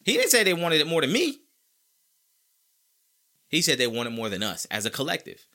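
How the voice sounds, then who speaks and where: This podcast host discusses sports casually, arguing his views emphatically and circling back to the same points again and again. His voice is on the high side, his speed normal, and his manner animated and opinionated.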